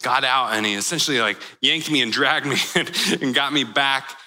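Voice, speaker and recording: Male pastor, very bright tone, casual storytelling sermon, long hall reverb. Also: mid-range voice, normal speed. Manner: conversational, storytelling with casual slang.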